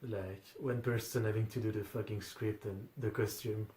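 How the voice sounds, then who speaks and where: A man's voice: lowish voice, steady tone, normal speed, warm tone. A man hosting an anime reaction, commenting casually and offhand, a little sleepy and swearing now and then. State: sleepy, yawning. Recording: echoey room, faint background hiss.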